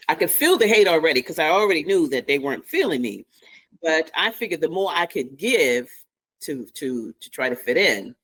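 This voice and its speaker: A man as an interview guest, recounting events in the first person with a halting, searching delivery that slips into present tense. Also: on the high side, fairly bright tone, poor audio. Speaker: interview guest, former staffer.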